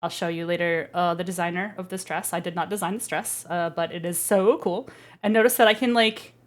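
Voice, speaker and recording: A woman's voice: fairly low pitch, steady tone, fairly quick. Giggly woman streamer, playful rambling. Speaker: VTuber streamer. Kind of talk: casual livestream chat. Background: faint background music.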